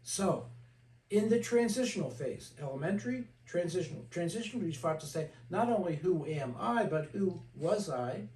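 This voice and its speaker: A man's voice: high voice, expressive, normal speed, darkish tone, recorded from a distance. An older man, a therapist leading a group discussion, speaking frankly and telling stories, sometimes mimicking the voices of people he quotes. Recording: echoey room, voice from off-mic.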